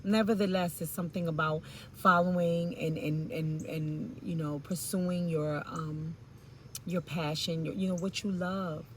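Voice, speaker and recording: A woman's voice: on the low side, steady tone, a little slow, slight background noise. A woman giving an intuitive tarot reading, musing aloud in informal slang with rambling asides and fillers. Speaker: tarot reader.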